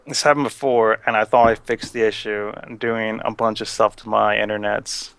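A young man co-hosting a casual online show, explaining things haltingly with many fillers while gaming. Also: lowish voice, little pitch movement, fairly bright tone, clear, resonant tone, no echo. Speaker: podcast co-host.

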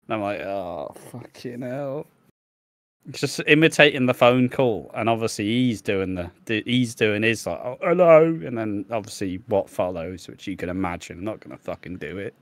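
A man's voice: lowish voice, normal speed, a bit bright, dry recording, clean studio sound. Rambling, swearing young man. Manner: rambling and profane, laughing often, losing his thread. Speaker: podcast co-host. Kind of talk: casual chat.

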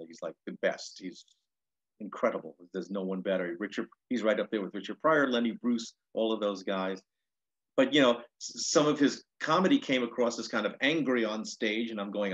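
A low-voiced male comedian tells his stories in a loose, rambling way, circling back with 'you know' and false starts. The recording sounds dull and lo-fi. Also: normal speed, husky. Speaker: stand-up comedian, interview guest. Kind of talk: casual storytelling.

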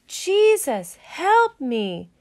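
A woman's voice: sits high, animated, normal speed, mellow, no room sound, clean studio sound. A woman voicing a poor blind man who begs by the road and cries out for help, in a children's storybook reading. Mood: crying out. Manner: pleading, raised voice.

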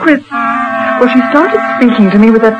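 A woman's voice: fairly high pitch, normal speed, loud music behind the voice, close to an everyday voice. A woman playing an anxious young mother. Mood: worried. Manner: nervous, hesitant. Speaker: narrator and mother. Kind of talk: 1950s radio drama acting. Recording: dull old radio recording.

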